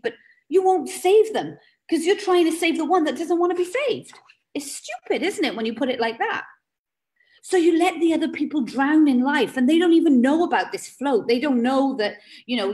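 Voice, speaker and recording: A woman's voice: high voice, darkish tone. A woman, a network marketing team leader, giving an emphatic, direct motivational training talk with rising exclamations.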